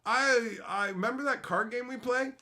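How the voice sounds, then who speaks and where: With an extremely high pitch at normal speed, a man chats casually with viewers on his live stream. The streamer and entertainer is animated, swears freely, and laughs frequently.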